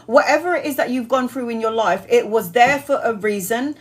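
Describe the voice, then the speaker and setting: A woman's voice: on the high side, brisk. A woman, giving a live-stream tarot reading in a chatty, blunt way and laughing often. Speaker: tarot reader.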